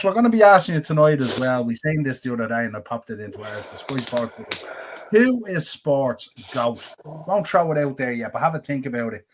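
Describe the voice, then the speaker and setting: A man's voice: mid-range voice, background noise. Man co-hosting football chat. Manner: exclaims often, repeats phrases. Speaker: podcast co-host.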